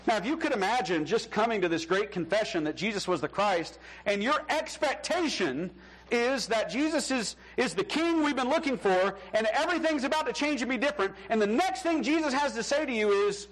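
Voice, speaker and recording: A man's voice: very high-pitched, expressive, normal speed, slight background noise, rough recording. A man preaching a sermon as pastor in a conversational style, acting out the voices he quotes.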